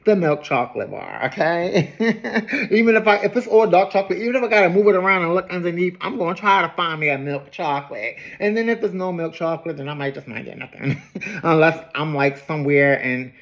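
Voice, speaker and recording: A woman's voice: on the low side, expressive, fairly quick, poor audio. A woman giving a casual, chatty recap of a reality show, laughing easily and drifting off on tangents. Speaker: TV recap host.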